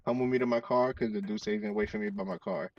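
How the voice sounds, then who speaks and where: A man telling a story in casual chat, animated and acting out the quoted lines. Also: medium pitch, fast talker, vocal fry, far from the mic, highs cut off. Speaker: storyteller among friends.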